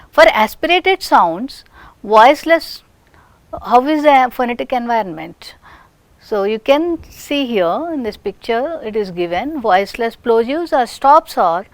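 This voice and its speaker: A woman's voice: fairly high pitch, dry recording. A woman from India with an Indian English accent, giving a recorded phonetics lecture and demonstrating sounds, sometimes in a whisper. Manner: slow, deliberate, demonstrating sounds with whispered examples.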